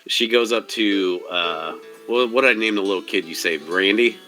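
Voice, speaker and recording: A man narrating a tabletop game as game master in a loose, rambling way, switching quickly between characters' lines. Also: fairly low pitch, bright, forceful tone, soft background music.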